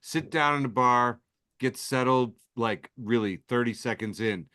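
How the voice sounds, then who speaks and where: A man's voice: medium pitch, unhurried, pushed and bright, no room sound. A man co-hosting a casual comedy podcast, telling anecdotes in a laid-back way with dry asides. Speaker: podcast co-host. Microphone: remote call mic.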